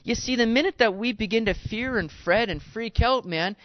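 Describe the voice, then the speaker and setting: A man, a pastor, giving a conversational sermon, animated and casual with slangy asides. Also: extremely high pitch, moderate pace, no room sound, lo-fi sound.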